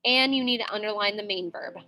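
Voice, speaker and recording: A woman's voice: medium pitch, quick pace, pushed and bright, slight background noise. A woman teaching a grammar lesson in a classroom, patient and repetitive, checking in often with the students. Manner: patient, repeats with frequent "okay?" checks.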